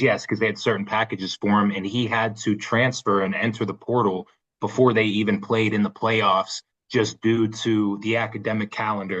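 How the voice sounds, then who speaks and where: A man's voice: fairly low pitch, a bit bright. A man co-hosting a casual sports podcast, thoughtful and hedging, often restarting his sentences. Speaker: podcast co-host. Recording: dull lo-fi sound.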